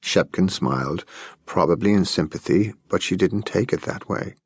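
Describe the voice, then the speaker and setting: A man narrating an audiobook thriller with steady, scripted storytelling. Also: sits low, normal speed, breathy edge, dry recording, clean studio sound.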